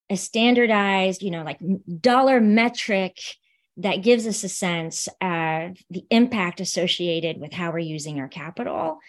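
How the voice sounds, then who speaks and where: A woman from France speaking as a podcast guest, earnest and animated, with frequent light laughs. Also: medium pitch. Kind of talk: conversational podcast interview.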